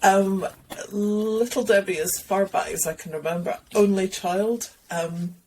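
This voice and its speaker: A woman's voice: medium pitch, fairly even intonation, a little slow, mellow, a little hiss or hum, rough recording. A woman being interviewed about her books, talking in a rambling, self-deprecating way with restarts and laughter over a video call. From Scotland. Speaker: interview guest, children's author and illustrator. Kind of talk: relaxed conversational interview.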